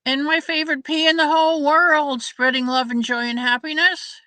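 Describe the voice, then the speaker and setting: A woman's voice: sits high, steady tone, moderate pace, sharp tone, no room sound. A middle-aged woman hosting a crafting livestream, chatting casually and rambling as she greets viewers by name. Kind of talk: casual chat with live viewers.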